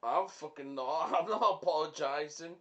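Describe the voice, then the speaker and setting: A man's voice: fairly high pitch, moderate pace, sharp tone, muffled recording. A young man hosting a podcast in a casual chat. He rambles with lots of fillers and keeps breaking into fits of laughter. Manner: rambling, full of "like" and "you know" fillers. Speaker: podcast host.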